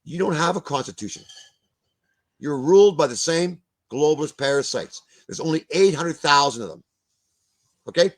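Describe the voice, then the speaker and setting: A man's voice: fairly high pitch, animated, normal speed, pauses often. An older man, ranting bluntly as a guest in a video-call discussion, swearing and stumbling over repeated words. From Canada.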